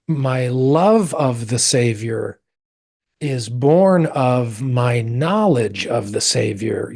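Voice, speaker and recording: Brief: middle-aged American man, podcast guest, expressive storyteller who jumps into quoted voices. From United States. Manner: animated, acts out quoted voices with big pitch jumps. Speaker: actor. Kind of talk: personal storytelling in a podcast interview.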